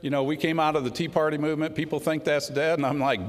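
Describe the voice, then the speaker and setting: A man's voice: fairly high pitch, very fast, hardly any pauses, a crowd in the background, background noise. A man giving a folksy political speech, telling stories and acting out quoted exchanges. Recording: long hall reverb.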